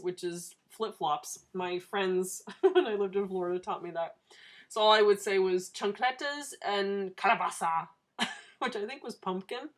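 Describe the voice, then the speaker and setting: A woman's voice: medium pitch, measured pace. A chatty woman in her thirties talking to her camera in an easygoing, meandering way. She drifts from one thought to the next, with filler words and frequent little laughs. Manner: chatty, rambling, laughs often. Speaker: vlogger. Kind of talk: casual chat.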